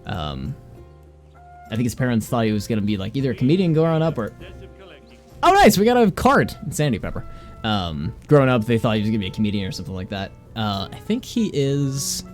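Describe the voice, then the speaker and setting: A man's voice: mid-range voice, sing-song, fairly quick, soft background music. A young adult man chatting casually as a streamer while he plays, rambling and laughing easily. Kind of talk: casual gameplay commentary.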